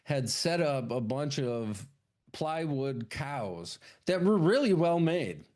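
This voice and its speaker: A man's voice: big pitch swings, darkish tone. Profane man recapping a movie. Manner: profane, acts out characters in quick high put-on voices. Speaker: podcast co-host. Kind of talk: casual chat recapping a film.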